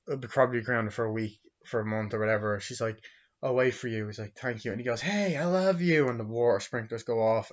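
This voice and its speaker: A young man in his twenties giving a rambling, profane movie review, acting out quotes in silly high voices. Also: a bit bright, lo-fi sound. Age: 20s.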